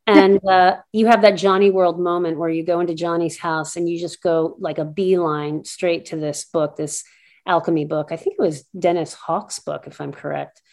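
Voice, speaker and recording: A woman's voice: fairly low pitch, steady tone, normal speed, a little mellow. Enthusiastic woman podcast host. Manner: enthusiastic, with frequent affirmations and retelling of the guest's story. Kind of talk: casual interview conversation.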